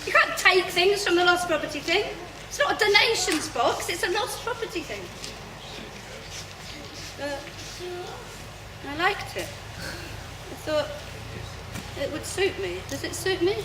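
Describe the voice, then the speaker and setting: A woman clowning on a live stage, talking in a soft, calm, coaxing way, recorded from far off in an echoey festival marquee. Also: extremely high pitch, unhurried, pauses often. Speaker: clown performer. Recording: echoey tent from far off, noisy.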